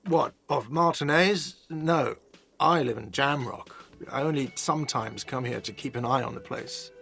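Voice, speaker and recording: A man's voice: mid-range voice, measured pace, vocal fry, a bit bright, soft background music. An actor playing a whiny, defensive male café manager in a video game. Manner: defensive, petulant.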